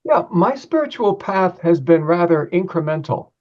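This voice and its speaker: A man being interviewed as an author, telling his story in a reflective, measured way. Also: sits high, sing-song, highs cut off. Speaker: guest, author.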